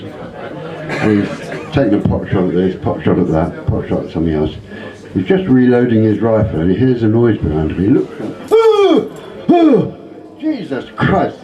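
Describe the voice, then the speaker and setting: Lively man telling pub jokes. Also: fairly low pitch. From England. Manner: lively, earthy, with animated voices. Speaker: pub talent-night comedian. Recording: dull lo-fi pub recording.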